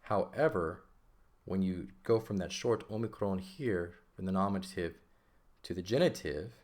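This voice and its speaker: A man teaching from a textbook in a patient, step-by-step way, often pausing to check in with "okay?" and "right?". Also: low voice, darkish tone. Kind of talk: classroom explanation of a textbook.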